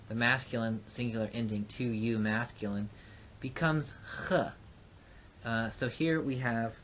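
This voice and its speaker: A man lecturing slowly and patiently, stopping often with small fillers as he works through each point. His voice sits at an ordinary middle pitch. A faint hum runs under the recording. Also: sharp tone. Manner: slow, patient explaining with fillers. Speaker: teacher.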